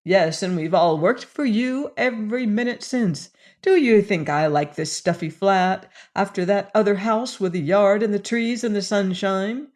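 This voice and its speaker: A woman's voice: mid-range voice, unhurried, a little mellow, close to an everyday voice. A woman voicing a reproving, self-pitying middle-aged mother in an audiobook, with a reproachful, martyred manner. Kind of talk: audiobook character voice.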